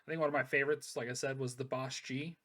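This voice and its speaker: Male host, casual and upbeat, mid-pitched, praising the players. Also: steady tone, quick pace, fairly bright tone. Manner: chatty and upbeat, praising plays. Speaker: league host interviewing players. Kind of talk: casual post-match interview.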